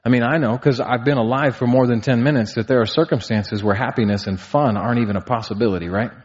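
A man's voice: mid-range voice, quick pace, a little mellow, breathy edge. A man in his thirties preaching a sermon, earnest, asking rhetorical questions and building to emphatic peaks. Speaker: pastor. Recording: slightly dull, muffled sound.

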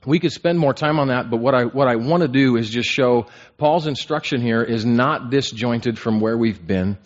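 A man's voice: mid-range voice, normal speed. A man teaching an interactive Bible class, asking the group questions and restarting his phrases with repeated words. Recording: dull lo-fi recording.

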